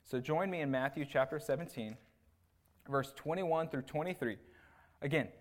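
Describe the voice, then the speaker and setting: A man pitched on the high side preaches at a moderate pace. He's an assistant pastor with a casual, talky style who ends lines with "right?", drops in asides, and plays the characters he describes in animated retellings.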